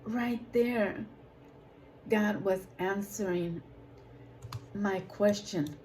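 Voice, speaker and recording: A woman who leads a ministry, giving a personal testimony in a slow, emotional way that rises to emphatic outbursts. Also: mid-range voice, darkish tone, a little hiss or hum, rough recording. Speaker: ministry leader.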